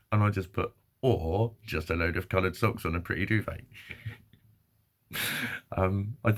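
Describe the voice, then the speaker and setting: A man talks straight to camera in a rambling, sweary, self-deprecating vlog. His voice is low and gravelly, with a husky, rough grain. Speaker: vlogger. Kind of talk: casual monologue.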